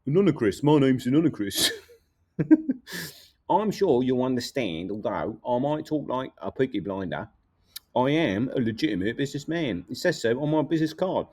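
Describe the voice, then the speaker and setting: A cheeky Cockney wide boy, done by a man, brimming with swagger and pleased with his own puns. He bills himself a legitimate businessman, and his voice swoops lively up and down. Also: medium pitch, normal speed, husky. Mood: cocky. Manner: boastful, cheeky wordplay. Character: swaggering Cockney geezer businessman mascot, cocky.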